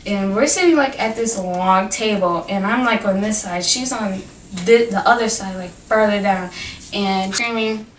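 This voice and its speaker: A teenage girl casually telling a storytime to her vlog camera, animated and full of fillers and quoted dialogue. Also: medium pitch, unhurried. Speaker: vlogger. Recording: echoey room from a distance, faint noise.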